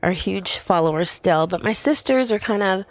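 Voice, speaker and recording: A middle-aged woman from Canada, a podcast guest sharing a personal faith story in animated conversation. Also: mid-range voice, moderate pace, no echo. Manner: animated storytelling, acting out voices in quotes.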